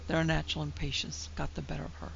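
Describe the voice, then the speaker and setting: A woman narrating a classic ghost story in a measured, steady storytelling voice. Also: low voice, gravelly, a little hiss or hum. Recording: dull lo-fi recording.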